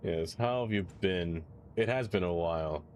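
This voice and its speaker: A man streaming live, chatting casually and playfully as he plays and reacts out loud. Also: low voice, moderate pace, slight background noise. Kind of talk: casual live-stream chat while playing.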